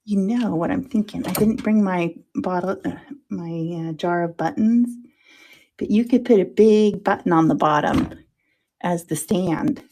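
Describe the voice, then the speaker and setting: A woman's voice: fairly low pitch, a little slow. Chatty self-mocking woman crafting. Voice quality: drops into soft whispers while concentrating. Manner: chatty and self-mocking, talks to herself while working, laughs often. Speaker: crafter hosting a making show. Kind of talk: casual crafting chat.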